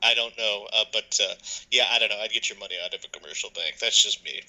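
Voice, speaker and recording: A man's voice: on the low side, fast talker, sharp tone, low-quality recording. A man co-hosting a podcast in casual chat, dry and wisecracking, often trailing off and restarting.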